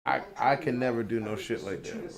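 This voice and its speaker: A man's voice: medium pitch, brisk, gravelly. A man hosting a livestream from home, ranting in a heated, profane, repetitive way. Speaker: livestream host. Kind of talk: angry livestream rant.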